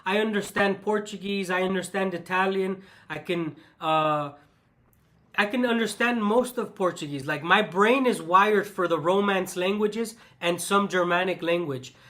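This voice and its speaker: A young Mexican man with a Mexican Spanish accent, chatting casually on his vlog in an animated, emphatic way. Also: high-pitched, a little slow. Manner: animated and emphatic, mock-exasperated. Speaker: vlogger. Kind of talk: casual chat.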